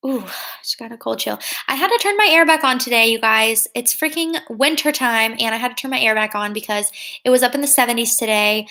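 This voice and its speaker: A woman's voice: fairly high pitch, fairly quick, sharp tone. A young woman in her twenties chatting casually with her livestream viewers, full of fillers and reading out their comments. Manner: chatty, many fillers, reads out chat comments. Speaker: livestream vlogger.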